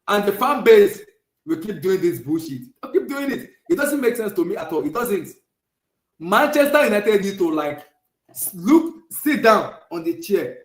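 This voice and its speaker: A man's voice: high-pitched, reverberant, low-quality recording. A man hosting a podcast, ranting heatedly and repeating himself. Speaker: podcast host. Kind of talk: heated football rant.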